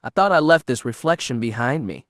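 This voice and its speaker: A man's voice: mid-range voice, animated, brisk, a bit bright, dry recording, studio quality, natural voice. A man voicing a steely young Sith inquisitor woman who speaks firmly and scornfully, in an audiobook. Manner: firm, scornful. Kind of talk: audiobook character reading.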